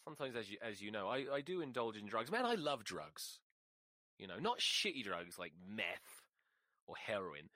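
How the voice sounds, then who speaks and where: A man hosting a podcast, rambling casually with profane, dark jokes into a close mic. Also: lowish voice, lively intonation, moderate pace, dry recording. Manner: rambling, profane, darkly joking. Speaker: podcast host. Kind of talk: casual monologue.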